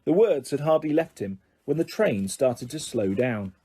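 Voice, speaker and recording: A man narrating an audiobook in a steady storytelling manner, with occasional small slips. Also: medium pitch, moderate pace, breathy edge.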